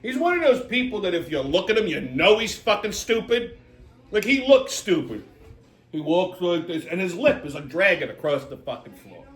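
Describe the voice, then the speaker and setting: A man's voice: sits high, sing-song, normal speed. A man hosting a comedy show, ranting in a brash, profane, exasperated way. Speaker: host. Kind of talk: comedic rant. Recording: echoey room with faint music.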